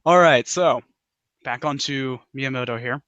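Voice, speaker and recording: A man's voice: medium pitch, measured pace, a bit bright, no echo, dull audio. A man hosting a podcast in casual chat, reading out trivia in an easygoing way and laughing often. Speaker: podcast host.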